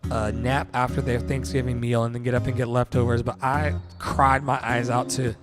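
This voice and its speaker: A man's voice: medium pitch, flat delivery, normal speed, over music. A man hosting a casual late-night livestream from home, chatting in a loose, rambling, candid way and swearing freely. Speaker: livestream host.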